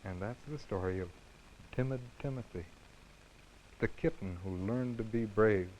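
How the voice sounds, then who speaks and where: A man hosting a children's television show, reading a picture book aloud in a gentle, animated storytelling manner and chatting with his listeners. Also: lowish voice, measured pace, a little hiss or hum, low-quality recording.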